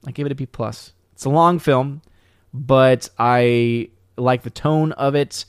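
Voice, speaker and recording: A man's voice: mid-range voice, steady tone, unhurried, clean tone, no echo, studio quality. A man hosting a casual livestream who reads viewer comments aloud and rambles with frequent restarts. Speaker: livestream host reading chat.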